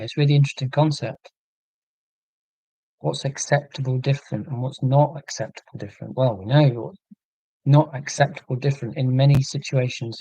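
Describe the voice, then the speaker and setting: A man talks through his thoughts on a livestream in an earnest, rambling way, often restarting his sentences. His voice is mellow and relaxed, recorded dry and close with no room sound, and he reads out and answers viewer comments as he goes. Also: medium pitch, no room sound, poor audio. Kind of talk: casual livestream chat.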